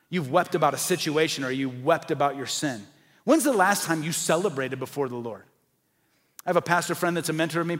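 A man preaching a sermon as pastor, earnest and building to passionate emphasis. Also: fairly high pitch. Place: church sanctuary. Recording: long hall reverb.

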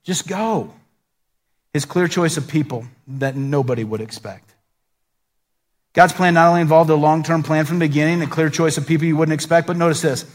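A middle-aged pastor delivering a sermon in a conversational, lively way, slipping into quick acted asides. His voice sits a little on the high side for a man.

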